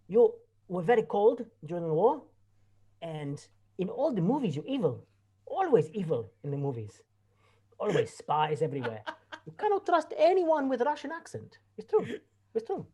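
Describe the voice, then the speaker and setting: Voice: mid-range voice, a little mellow, lo-fi sound. A player doing a rambling president with a mock Russian accent. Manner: broken English, rambling pompous speeches. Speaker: player in a tabletop game. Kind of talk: in-character speech in a tabletop role-play.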